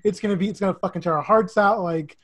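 Hoarse, profane male co-host. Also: sits high, quick pace, a bit bright. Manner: profane, laughing, rambling. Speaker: podcast co-host. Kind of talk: casual sports chat.

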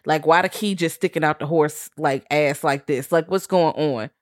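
A blunt co-host joking and cursing through a movie review. The voice sits at a middle pitch, and the sound is dry, with no room echo. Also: normal speed. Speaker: podcast co-host. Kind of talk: casual movie review chat.

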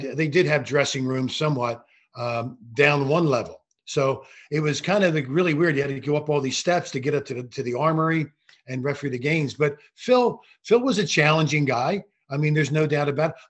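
An older man, a retired basketball referee, telling animated stories from his career in an interview. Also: on the high side. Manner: animated anecdotal storytelling with frequent restarts. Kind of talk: storytelling interview.

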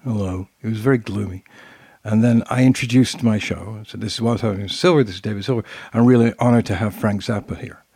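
A man's voice: lowish voice, fast talker, few pauses, breathy edge, no echo, clean studio sound. An older British man co-hosting a podcast, telling anecdotes in casual conversation and acting out the quotes. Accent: British English. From Britain. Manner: animated storyteller who acts out quotes. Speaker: podcast co-host.

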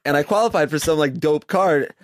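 A man's voice: a little high, fairly quick. A young man telling a rambling story in casual chat, laughing often and filling gaps with "um" and "like". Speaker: podcast guest telling a story.

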